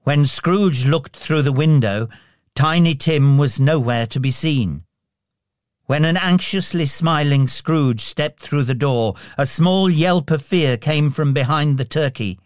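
Slow, measured male storyteller. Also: fairly high pitch, no room sound, studio quality. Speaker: narrator. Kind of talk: storybook reading.

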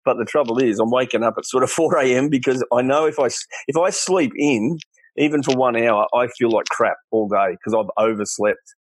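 An Australian man in middle age talks openly as an interview guest. His pitch sits in an ordinary middle range, and he tells his stories with animated earnestness, slipping into the voices of the people he quotes. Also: brisk, husky, poor audio. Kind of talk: candid storytelling interview.

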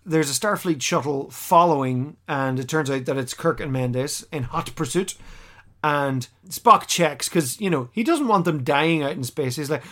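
A man casually recapping a TV episode on a podcast, animated and quick to act out the characters' lines. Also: on the high side. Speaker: podcast co-host.

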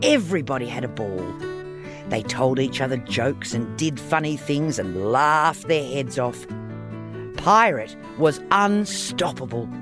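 Lively male storybook narrator. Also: mid-range voice. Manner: expressive, playful reading. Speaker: audiobook narrator.

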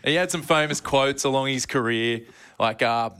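A man's voice: mid-range voice, normal speed, sharp tone, clear, resonant tone. A man co-hosting a casual sports podcast, telling a long story in a rambling way and laughing at his own slips. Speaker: podcast co-host.

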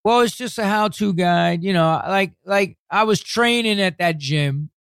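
Profane, animated New man, older. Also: high voice, a little slow, vocal fry, smooth, no room sound, clean studio sound. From New York City. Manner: profane, animated, acts out quotes. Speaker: guest. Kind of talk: casual interview storytelling.

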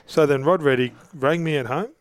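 In a voice on the high side, a middle-aged Australian man talks fairly quickly as an interview guest, rambling through casual anecdotes and restarting often. It's a dry recording.

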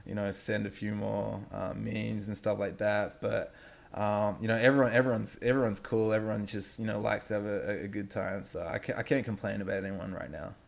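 Young Australian man, faded accent, low gravelly voice, laid-back and halting. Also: steady tone. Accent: Australian, somewhat faded. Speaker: guest athlete. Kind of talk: casual remote interview.

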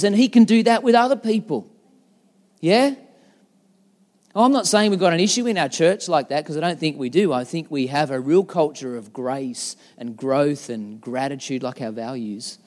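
Middle-aged pastor, conversational preaching, lighter voice ringing in a reverberant church. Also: male voice, a little high. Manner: chatty, self-deprecating storyteller. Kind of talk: sermon.

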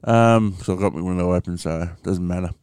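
Aussie guy rambling slow to camera, lowish voice, super clear and dry, lots of ums and swearing. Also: a little mellow, no echo. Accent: Australian. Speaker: vlogger. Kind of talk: casual rambling monologue. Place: room at home with window open.

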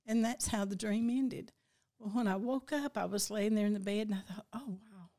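An older woman with a drawl recounts a vivid dream. She speaks in a middle pitch, slowly and reflectively. She is heartfelt, and her voice at times catches with feeling. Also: dark tone. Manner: heartfelt, slow and reflective, voice breaking with emotion at times. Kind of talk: emotional personal storytelling.

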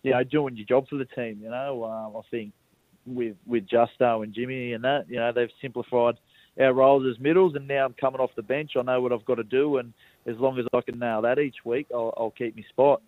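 A man's voice: medium pitch, steady tone, a little fast, dry recording, narrow, tinny audio. A young man with a rural Australian accent, a rugby league player, talking casually by phone in a radio interview and laughing easily at himself. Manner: laid-back, self-mocking, laughs easily.

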